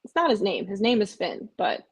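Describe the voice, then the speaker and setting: A woman with a slightly husky, mid-pitched voice hosting a casual live stream. She chats loosely and rambles. Now and then she cuts in to coo at her pets. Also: very animated, a little fast. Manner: chatty, rambling, often breaks off to coax her cats in a high cooing voice.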